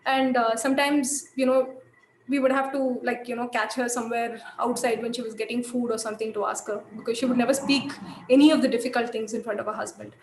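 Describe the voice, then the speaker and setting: A woman's voice: fairly high pitch, fairly even intonation, quick pace, a little mellow, a little hiss or hum. Woman lecturing in an echoey room. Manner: thoughtful, many fillers and restarts. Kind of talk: lecture storytelling.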